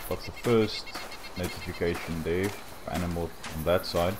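A man casually commenting on his hunting game in a soft, slightly awkward, rambling way. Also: sits low, steady tone, normal speed, background noise. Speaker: gaming channel host.

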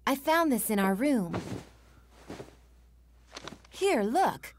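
An earnest young companion. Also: female voice, a little high, sing-song, drawn-out words, background noise, full character voice. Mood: insistent. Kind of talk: video game voice acting.

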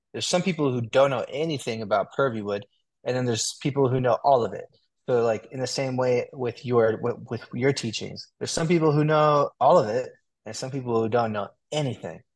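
A young adult man as an interview guest, talking in a relaxed, chatty way full of "like" and "dude". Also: medium pitch. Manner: relaxed, talkative, fillers like "like" and "dude". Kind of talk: casual interview.

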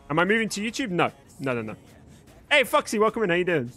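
This young streamer from Birmingham, England, speaks British English with a mostly neutral accent, reading the chat aloud and thanking his viewers as he talks with them. His male voice is high and bright, with a forceful tone.

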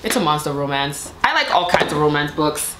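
A woman's voice: sits low, very animated, fairly quick, fairly bright tone. A young adult woman vlogger chatting to camera, gushing and rambling with many fillers. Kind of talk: casual chat to camera. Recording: echoey room with faint noise.

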